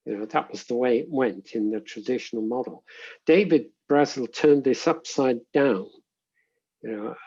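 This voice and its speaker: A man, a linguistics professor, giving measured, reflective answers in an interview and often pausing to rephrase. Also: mid-range voice, a little mellow, slightly rough, highs cut off.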